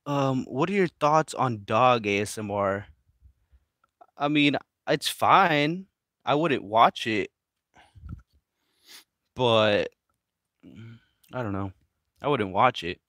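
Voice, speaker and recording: A man hosting a casual livestream, reading viewer questions aloud and chatting in a relaxed, mumbly way to his pets. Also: medium pitch, slow pace, long pauses, no room sound, studio quality. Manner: laid-back, mumbly, talks to his pets. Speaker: livestream host reading chat. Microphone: phone.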